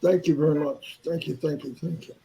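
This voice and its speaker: A man on a live call, joking around and quick to laugh. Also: fairly high pitch, steady tone, creaky, mellow, rough recording.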